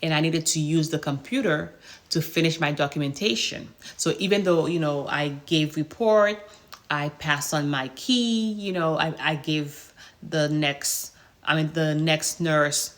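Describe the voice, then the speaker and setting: Exasperated woman vlogger venting a story. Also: sits low. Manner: animated, exasperated storytelling with rhetorical questions. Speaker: hospice nurse and vlogger. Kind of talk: casual storytelling vlog.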